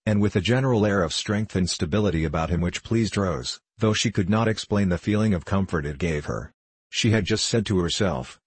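A man reading a novel aloud as an audiobook narrator, in a calm, measured way. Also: low voice, husky, dry recording. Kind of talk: scripted narration.

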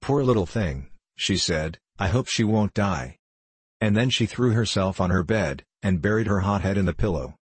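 A man reading a classic novel aloud as a narrator, in a measured, even manner and lightly voicing the characters' dialogue. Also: low voice, breathy edge, no room sound. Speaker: audiobook narrator.

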